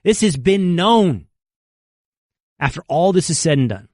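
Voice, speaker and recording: Animated man hosting sports radio. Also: high-pitched, a little slow, no echo, studio quality. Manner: animated, exclamatory, mock-outraged rants. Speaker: radio host. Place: radio studio. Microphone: close studio mic.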